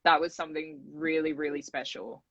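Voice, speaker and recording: A woman's voice: low voice, flat delivery, a little fast, a bit bright. Enthusiastic young woman, dull lo-fi sound. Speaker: actor in a live chat. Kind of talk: casual chat. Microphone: phone livestream.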